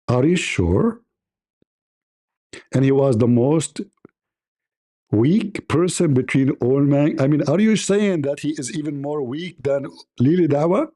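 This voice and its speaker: A man's voice: medium pitch, mellow. A man hosting a live debate stream, talking in a sarcastic, taunting way. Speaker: debate livestream host. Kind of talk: mocking live-stream monologue.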